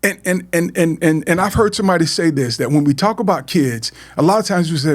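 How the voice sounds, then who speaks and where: A man's voice: on the high side, quick pace, hardly any pauses. A middle-aged man hosting a podcast, speaking earnestly about his life in a heartfelt personal talk, often repeating words and starting over. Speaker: podcast host.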